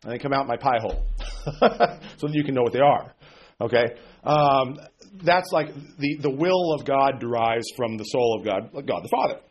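A man's voice: medium pitch, moderate pace, slight background noise. A man preaching an informal sermon, blunt and sarcastic, with folksy asides. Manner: mocks emotional prayers in exaggerated voice.

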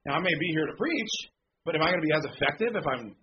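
A man preaching a sermon as pastor, talking conversationally with frequent "okay?" check-ins and reading scripture slowly and deliberately. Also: fairly high pitch, expressive. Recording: dull lo-fi sound with faint background noise.

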